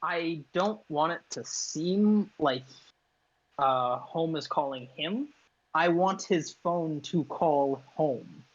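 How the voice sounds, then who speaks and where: Husky higher-voiced guy in a tabletop game, super slow, muffled lo-fi mic. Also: lively intonation. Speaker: player.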